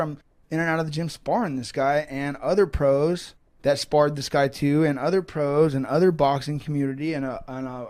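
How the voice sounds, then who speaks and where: A fighter in a casual interview, talking in a rambling, profane way and often restarting his sentences. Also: a little high.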